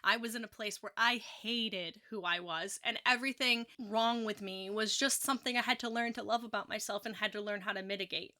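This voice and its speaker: A woman's voice: mid-range voice, fairly even intonation, a little fast, few pauses, bright, forceful tone. A woman giving casual, musing commentary on a novel, reading passages and correcting herself as she goes. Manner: chatty, musing, self-correcting. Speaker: book reviewer.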